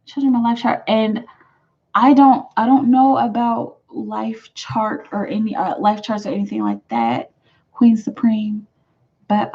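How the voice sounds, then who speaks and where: On a live tarot stream, a woman with a slightly rough, somewhat high voice chats and rambles while reading out viewers' comments. She's full of "like" fillers and quick laughs. The audio is muffled, lo-fi live-stream sound.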